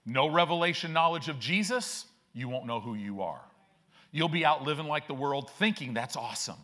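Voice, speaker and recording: A man's voice: on the high side, lively intonation, normal speed, fairly bright tone. A male pastor preaching a sermon in a conversational, slangy way, acting out quoted characters with a shifting voice. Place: church sanctuary.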